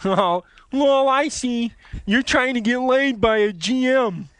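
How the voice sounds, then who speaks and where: A man voicing a flirty male game master in a comic dramatic reading, in a high, squeaky put-on voice. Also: slow, a bit bright, clean tone, dry recording, exaggerated voice.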